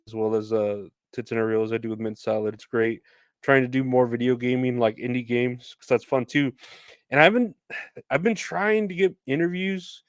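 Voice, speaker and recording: Young man, podcast host, rambling casual storytelling, smooth voice, dry sound. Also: mid-range voice, no echo. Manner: rambling, swears, laughs while telling stories.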